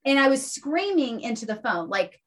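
A woman guest in a casual podcast interview, telling stories in an animated way and often tagging her points with "right?". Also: high-pitched, moderate pace.

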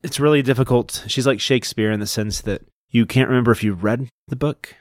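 A man's voice: mid-range voice, brisk, no room sound, studio quality. A man co-hosting a casual book podcast, rambling and correcting himself as he talks, laughing often. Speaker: podcast co-host.

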